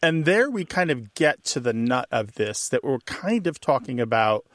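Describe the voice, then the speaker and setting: A man's voice: medium pitch, sing-song, normal speed, fairly bright tone, no echo, clean studio sound. A man co-hosting a radio talk show, explaining word usage in an encouraging, explanatory manner. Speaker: radio co-host, language expert.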